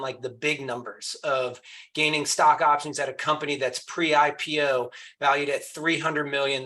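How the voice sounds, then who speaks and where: A man's voice: on the high side, pushed and bright. A man on a video call, persuasively urging a sales team to use an ownership offer when recruiting. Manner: emphatic, persuasive.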